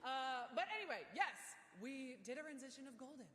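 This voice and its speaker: A woman's voice: sits high, fairly quick. A woman hosting a live awards show on stage, joking and teasing the crowd in a playful, self-mocking way. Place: large event hall stage. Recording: long reverb of a big event hall.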